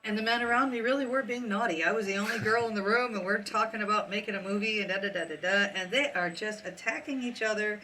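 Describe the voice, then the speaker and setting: A woman's voice: mid-range voice, fast, hardly any pauses, recorded from a distance, background noise. A woman hosting a podcast, chatting casually with a guest and laughing easily. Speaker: podcast host. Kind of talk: casual interview chat.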